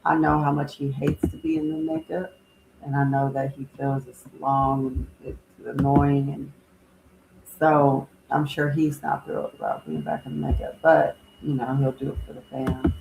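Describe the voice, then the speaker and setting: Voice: medium pitch, expressive, moderate pace, vocal fry, echoey room, background noise. A co-host of a live wrestling watch-along giving chatty, opinionated commentary on the show. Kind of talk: casual live-stream chat.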